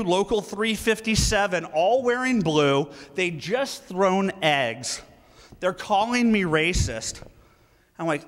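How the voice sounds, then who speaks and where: Animated man telling a rally story. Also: high-pitched, takes it slowly. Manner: animated, emphatic, breaks into laughter, acts out quoted lines. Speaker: guest speaker at a political rally. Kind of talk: live speech, storytelling anecdote. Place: large event hall. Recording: reverberant hall with faint noise.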